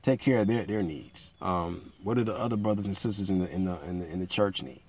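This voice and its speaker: A man preaching in a relaxed, conversational way, repeating himself and building to emphatic peaks. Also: low voice, fairly quick. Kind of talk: informal sermon teaching.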